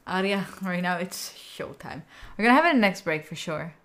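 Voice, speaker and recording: A woman's voice: fairly low pitch, expressive, moderate pace, fairly bright tone. Italian woman chatting with live viewers. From Italy. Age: young adult. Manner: chatty, swears freely, reacts to chat. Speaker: livestream host. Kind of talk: casual chat with live viewers. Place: room at home.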